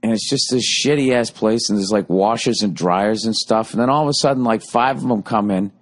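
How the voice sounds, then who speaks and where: A man's voice: on the low side, a little fast. Profane rambling man on a solo podcast. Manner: profane, rambling, swings between loud and muttered. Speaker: podcast host. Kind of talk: solo comedic monologue.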